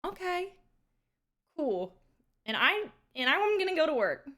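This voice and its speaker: Playing a game on her live stream, a young woman chats casually in a voice pitched a bit higher than average. Her stories are rambling and lively, packed with fillers and restarts, and she takes her time.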